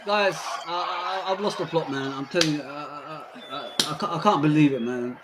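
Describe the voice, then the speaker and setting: A man's voice: fairly high pitch, moderate pace, noisy background. A man co-hosting a live fan watchalong, ranting in exasperated disbelief at how his team is playing. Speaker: fan stream co-host. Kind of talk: live match watchalong chat.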